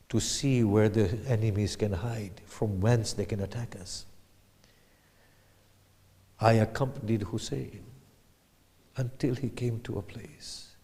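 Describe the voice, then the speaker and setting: A man giving a sermon, retelling a tragic story slowly, swinging from hushed whispers to loud anguished cries. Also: on the low side, in a large hall. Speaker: lecturer.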